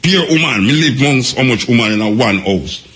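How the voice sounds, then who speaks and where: An older man with a Jamaican accent, telling his life story in an animated, repetitive way in casual patois. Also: mid-range voice, a little fast.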